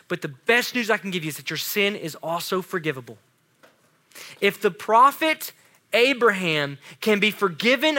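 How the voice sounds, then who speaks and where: A man preaching a casual, animated sermon to a youth group. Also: high voice. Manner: casual, animated, talks to students with "y'all". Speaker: youth pastor.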